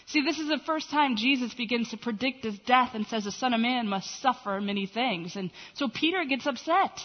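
Woman Bible teacher, bright-ish voice, chatty animated delivery, recorded in a reverberant hall. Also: on the high side, normal speed, few pauses, highs cut off. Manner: conversational, animated retelling with quoted voices.

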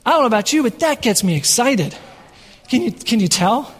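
A man preaching a sermon to his congregation in a church, energetic and often asking the room questions. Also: very high-pitched, fairly quick, big-room sound, slight background noise. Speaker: pastor. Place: church sanctuary. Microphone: headset microphone.

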